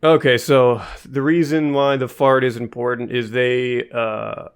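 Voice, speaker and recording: A man co-hosting a comedy podcast, making dry, deadpan sarcastic remarks. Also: mid-range voice, a little slow, smooth. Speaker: podcast co-host. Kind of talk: casual comedic chat.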